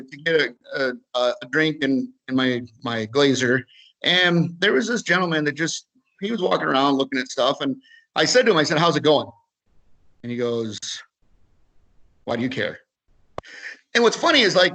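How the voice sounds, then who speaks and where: A man with a slightly high voice and an Upper Midwest American accent tells a story for a webinar. His talk is casual and full of restarts. He acts out both sides of each conversation. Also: fairly bright tone, low-quality recording. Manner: casual, repeats words, acts out dialogue. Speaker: webinar speaker. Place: video webinar.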